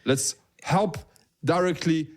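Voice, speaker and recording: A young man co-hosting a podcast, talking in a relaxed, chatty way with frequent restarts. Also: fairly high pitch, slow. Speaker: podcast co-host. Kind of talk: casual podcast chat.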